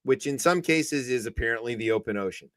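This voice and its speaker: A man's voice: mid-range voice, brisk, fairly bright tone. A man co-hosting a comedic news chat show, talking casually and animatedly and acting out quoted voices for laughs. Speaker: co-host.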